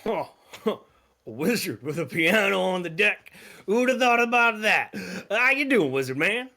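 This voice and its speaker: A man voicing a hearty, potbellied male ship's cook with a folksy, drawling manner, raised in pitch and louder. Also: big pitch swings, moderate pace, heavily acted. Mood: jovial.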